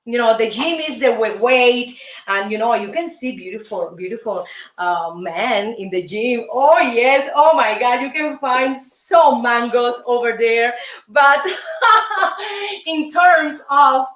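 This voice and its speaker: A woman's voice: a little high, measured pace. A woman with a Cuban Spanish accent, hosting her show and teaching salsa steps, counting beats aloud and urging viewers on. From Cuba. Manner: lively and encouraging. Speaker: show host and dance teacher. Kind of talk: salsa dance lesson. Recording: echoey room, mic at a distance, music behind.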